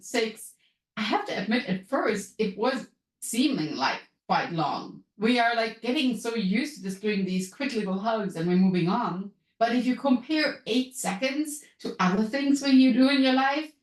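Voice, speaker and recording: A woman from Europe with a European accent, a business and wellness coach hosting her podcast in an upbeat, chatty way. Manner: upbeat, chatty, lively pitch swings. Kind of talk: solo podcast talk. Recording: echoey room.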